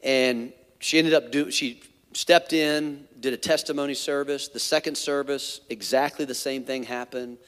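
A man's voice: mid-range voice, fairly even intonation, moderate pace, fairly bright tone, smooth, big-room sound. A man, a pastor, telling a personal story in a sermon, candid and conversational with many asides.

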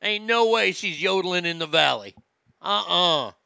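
Bright, sharp-voiced man ranting crudely. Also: high-pitched, lively intonation, normal speed, gravelly, clean tone, no room sound. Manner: loud, profane, mocking, laughs at own jokes. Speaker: comedy podcast host. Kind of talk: crude comedic rant.

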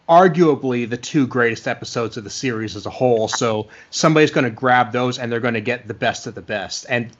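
A man's voice: mid-range voice, lo-fi sound. Enthusiastic male podcast host. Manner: enthusiastic, praising. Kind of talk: casual interview chat.

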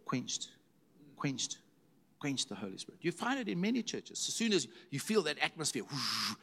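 A man's voice: a little high, very animated, moderate pace, a bit bright. A middle-aged man preaching a sermon, telling stories animatedly and repeating words for emphasis. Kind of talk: sermon storytelling.

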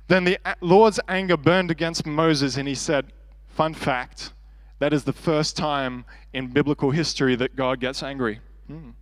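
A man's voice: on the high side, steady tone, a little slow, no room sound. A man preaching a sermon in an earnest, conversational way, acting out quoted prayers and speech. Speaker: pastor. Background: soft worship band music.

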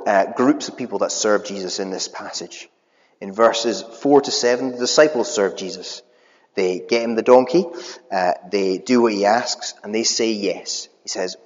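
A man preaching a sermon in a church hall, talking in a conversational way with some filler words. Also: on the low side. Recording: echoey hall, dull lo-fi.

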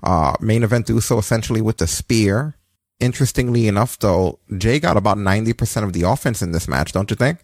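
Low-voiced man recapping wrestling, dry sound. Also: brisk, a little mellow, dry recording. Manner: rambling, swears, breaks into high laughing rants. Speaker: podcast co-host. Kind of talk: casual wrestling recap chat.

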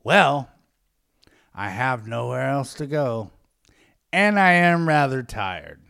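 A man's voice: medium pitch, expressive, slow pace, vocal fry, a bit bright, smooth, exaggerated voice. Man putting on a naive, innocent Snow White. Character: naive young woman, breathy and innocent.

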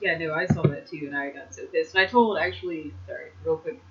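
A woman's voice: low-pitched, fairly bright tone. A woman co-hosting a casual chat, speaking frankly and with a lot of profanity. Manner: frank, profane, quick to agree. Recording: dull lo-fi recording.

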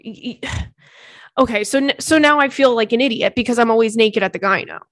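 A woman's voice: on the high side, fairly bright tone, dry recording, clean studio sound. A woman in her thirties hosting a podcast, chatting candidly with frequent swearing and reading out listener letters. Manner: candid, swears freely, quick asides. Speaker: podcast host.

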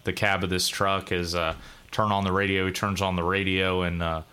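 Bright-voiced male game master. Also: deep voice, level tone, clean tone. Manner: casual, halting with fillers. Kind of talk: narrating a tabletop game.

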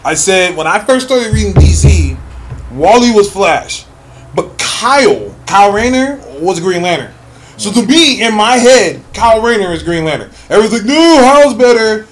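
Podcast co-host, man, high-ish voice, animated, acts out lines; slight background hiss. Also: normal speed. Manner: animated storyteller, acts out quotes with laughs. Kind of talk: casual podcast chat.

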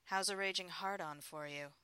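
A woman reading the lines of a playful adult husband teasing his wife over the phone, in a low murmur. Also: steady tone, moderate pace, pushed and bright, smooth, no room sound.

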